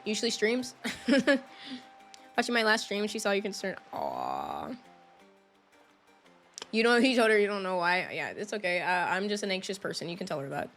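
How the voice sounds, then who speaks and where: A woman's voice: medium pitch, fairly quick, fairly bright tone. A woman is live-streaming a game and chatting easily with her viewers, laughing often between lines. Her voice is still recovering after she lost it. Faint game music plays under her talk. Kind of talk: casual live-stream chat.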